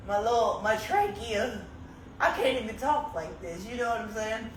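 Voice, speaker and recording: A woman's voice: fairly high pitch, animated, measured pace. Laughing woman groaning through a sore neck. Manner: laughing, complaining dramatically, reads comments aloud. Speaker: livestreamer. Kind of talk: casual livestream chat. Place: indoors, on a couch. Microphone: phone. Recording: echoey room, faint noise.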